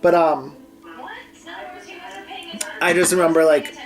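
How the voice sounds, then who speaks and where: A man's voice: a little high, steady tone, takes it slowly, creaky, soft background music, poor audio. A young man telling a personal story at home in a vlog, rambling with many fillers and asides. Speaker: vlogger. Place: home bedroom with a TV on.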